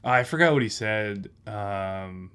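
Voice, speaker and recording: A man co-hosting a film podcast, talking in a relaxed, rambling way with many fillers. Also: on the low side, slow pace, clean tone. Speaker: podcast co-host. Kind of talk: casual film discussion.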